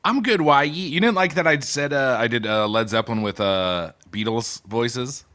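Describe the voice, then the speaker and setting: A man's voice: mid-range voice, moderate pace, fairly bright tone. A man co-hosting a comedy podcast who banters and jokes, often hesitating with "uh" mid-sentence. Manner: jokey, bantering, lots of hesitation. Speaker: co-host. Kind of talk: casual comedic chat.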